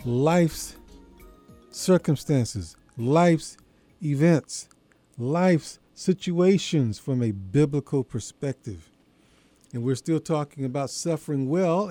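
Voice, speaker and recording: Slow, mellow-voiced man preaching on radio. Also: medium pitch. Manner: measured, emphatic preaching with deliberate pauses. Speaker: radio show host and preacher. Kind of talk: radio sermon.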